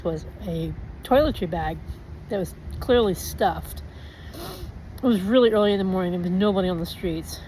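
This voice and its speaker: An animated woman telling a casual story, acting out the other people's voices as she goes. Her voice sits at a middle pitch, with faint traffic noise behind her. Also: low-quality recording. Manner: animated, acts out quoted voices. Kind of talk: casual anecdote.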